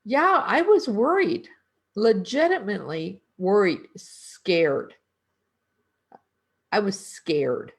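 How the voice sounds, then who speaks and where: Speaking at a medium pitch with an animated, slightly rough voice, a middle-aged woman energy worker gives a casual spiritual talk. She's reflective and slow, chatting with listeners through rhetorical questions.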